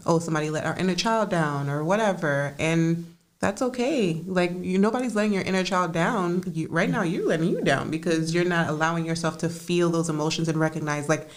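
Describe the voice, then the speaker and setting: A woman chats casually as a therapist co-hosting a podcast, acting out quotes and laughing often. Her voice sits on the low side. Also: a little fast. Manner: animated storytelling, laughs often, acts out quotes. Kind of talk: casual chat.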